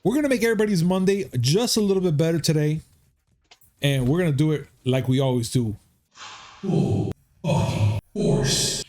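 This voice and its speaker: A man's voice: on the high side, fast talker, darkish tone, soft background music. A man from hosting a casual geek news podcast, upbeat and hyped, swearing freely. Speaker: podcast host. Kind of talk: casual chat.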